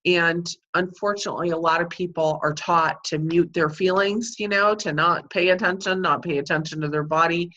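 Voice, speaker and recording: Deep-voiced middle-aged woman explaining stuff earnestly in an interview, lots of "you know". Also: steady tone, normal speed, few pauses, sharp tone, highs cut off. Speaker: psychic medium and Reiki practitioner. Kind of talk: interview answers, explaining spiritual healing.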